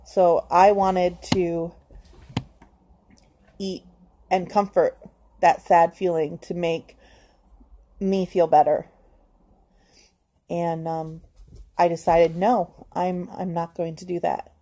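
This vlogger's voice sits on the low side, with a flat, dark delivery that moves slowly and pauses a lot. Addressing the viewer head-on in a confessional video, she is earnest but unsure, cheering herself on through frequent ums and false starts.

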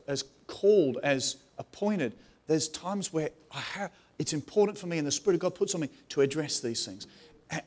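A man preaching a sermon as pastor, animated, with restarts and rising questions. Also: fairly high pitch. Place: church.

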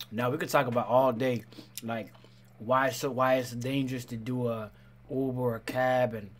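A man hosting a reaction video, talking in a casual, slangy way as he comments on clips. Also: medium pitch. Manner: animated, slangy, says "bro" a lot.

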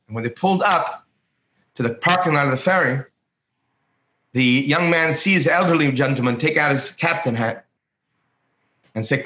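Animated storytelling man on a call. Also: fairly high pitch, normal speed, long pauses. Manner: animated, acts out quoted voices, many restarts. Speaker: rabbi, co-host. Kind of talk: storytelling in casual conversation. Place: home, speaking remotely. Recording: roomy, dull lo-fi call audio.

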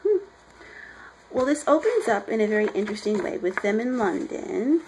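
A woman's voice: on the high side, big pitch swings, moderate pace, darkish tone, a little hiss or hum, rough recording. A young woman reviewing a comic book in casual chat, rambling and chatty as she retells scenes.

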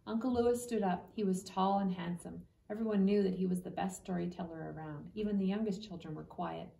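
A woman reading a children's book aloud at a steady storybook pace. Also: fairly low pitch, a little fast, gravelly. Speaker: reader. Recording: echoey room, distant mic.

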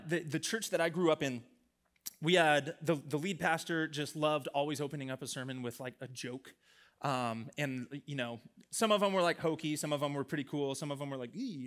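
Bright-voiced, animated young preacher man. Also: high-pitched. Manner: animated storytelling, acts out voices in a joke. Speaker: young adult pastor. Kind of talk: sermon. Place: church hall.

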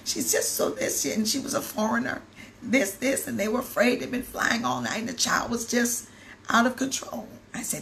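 A woman bishop preaching, telling a story with acted-out dialogue and building to loud exclamations. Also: a little high, normal speed, vocal fry, a little hiss or hum. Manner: animated storytelling, acts out dialogue, rises to exclamations. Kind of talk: sermon with storytelling.

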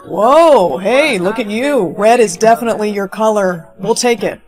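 A woman's voice: mid-range voice, normal speed, darkish tone. A young woman acting in a short skit, talking playfully and teasingly. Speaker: skit actor. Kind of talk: acted short-video skit.

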